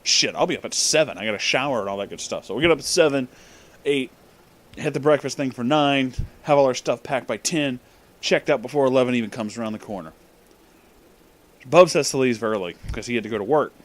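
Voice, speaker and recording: A man's voice: medium pitch, brisk. A young man casually telling a story about a road trip, swearing freely and laughing often. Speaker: vlogger.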